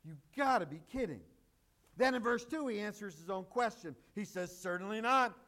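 A man's voice: sits high, lively intonation, moderate pace, a bit bright. A male pastor preaching a sermon, emphatic and joking with the congregation.

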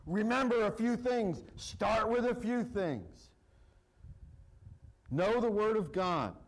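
A man's voice: high voice, expressive, takes it slowly, poor audio. A male pastor preaching a sermon, reading scripture aloud and repeating his points with emphasis.

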